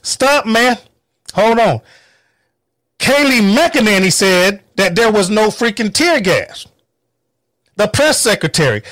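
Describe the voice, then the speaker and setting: Angry, profane high-voiced man. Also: fairly bright tone, no echo. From North Carolina, US. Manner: profane, heated, emphatic; mocking quoted voices. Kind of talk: angry political rant.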